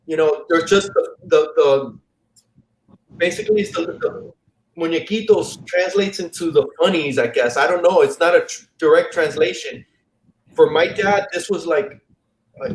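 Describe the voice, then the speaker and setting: Guy from the miami area rambling on about his comics, a bit high voice, echoey room w faint hiss. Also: moderate pace. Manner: rambling storyteller, repeats words. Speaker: guest, comic YouTuber. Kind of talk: casual live-stream chat. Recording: roomy echo, faint hiss.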